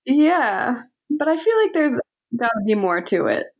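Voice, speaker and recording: High-voiced woman guest, musing. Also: sing-song, unhurried. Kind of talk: casual chat.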